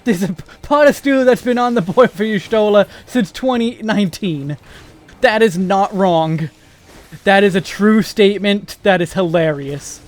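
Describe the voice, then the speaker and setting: High-voiced joking male streamer. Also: measured pace. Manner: joking, wry asides. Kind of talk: casual gameplay commentary.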